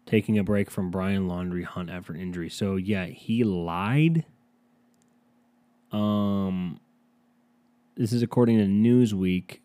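A man's voice: sits low, slow pace, pauses often, mellow. A man hosting a casual solo podcast, rambling and sarcastic with plenty of swearing. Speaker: podcast host.

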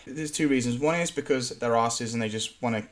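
A man's voice: mid-range voice, a little fast. A man from England speaks frankly in a casual panel chat. He rambles and restarts as he talks about his work as a self-employed contractor.

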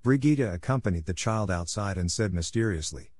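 A man narrating an audiobook in a steady, measured reading. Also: low voice, no room sound.

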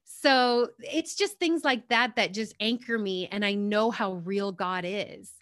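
A woman's voice: medium pitch, slow, fairly bright tone, no echo, clean studio sound. A young adult woman telling a personal story in a casual, rambling way, often circling back with "anyway" and "like". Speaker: guest sharing her story.

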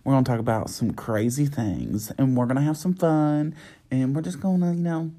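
A man's voice: mid-range voice, normal speed, warm tone. A young man hosting a casual solo podcast, sassy and chatty with lots of fillers, recorded at home at night. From United States. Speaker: podcast host.

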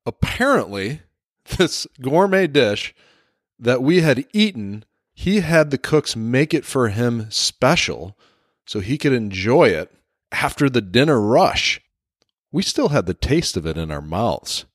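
A man's voice: mid-range voice, very animated, slow, dry recording, studio quality. A man giving a motivational leadership talk, telling a personal story in an earnest, confessional way. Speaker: leadership speaker.

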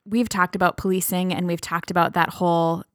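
A woman's voice: lowish voice, little pitch movement, a little fast, no room sound, studio quality. Earnest woman podcaster. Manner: earnest, chatty with fillers. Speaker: podcast co-host, sociology instructor. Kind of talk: casual political chat.

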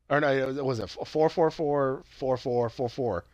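A male podcast co-host with a mid-range voice trades loose, rambling, jokey banter and swears a lot. The recording is dry.

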